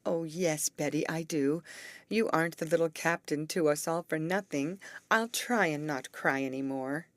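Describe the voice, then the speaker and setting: A woman voicing a tall teenage girl who is tearful and speaks in a faltering, halting way. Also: low-pitched, dry recording, close to an everyday voice.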